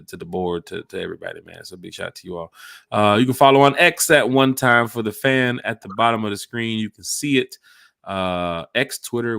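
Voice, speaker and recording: A low, gravelly man hosts a casual sports podcast and talks up the fans with animated energy. His voice is close and dry, with no room around it. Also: no echo. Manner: animated, jumps between hype and asides. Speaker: podcast host.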